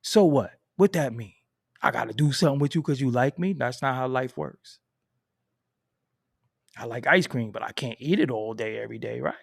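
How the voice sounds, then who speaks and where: A man's voice: mid-range voice, moderate pace, gravelly, husky, no echo, clean studio sound. A man telling a story in a casual, profane and emphatic way, laughing between lines.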